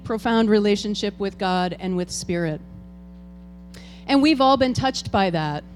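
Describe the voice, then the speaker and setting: In a church hall before an audience, the board president, a woman with a fairly high voice, hosts a farewell tribute. Her ceremony address to the congregation is chatty and informal, and the recording carries a little hiss or hum.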